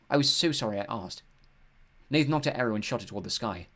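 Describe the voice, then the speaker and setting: A man's voice: fairly low pitch, animated, quick pace, a bit bright. Man narrating an audiobook. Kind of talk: scripted narration.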